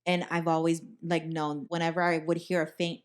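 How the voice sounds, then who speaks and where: A young woman co-hosting a podcast, telling ghost stories in casual chat, animated and swearing freely as she acts out what people said. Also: low-pitched, moderate pace, smooth. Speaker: podcast co-host.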